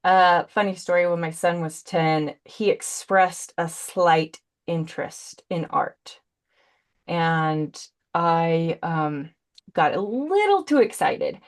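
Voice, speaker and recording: This brand ambassador, a woman in her forties, demonstrates paints live over video, talking chattily and wandering off into punny remarks. Her delivery is unhurried and expressive, pitched on the low side.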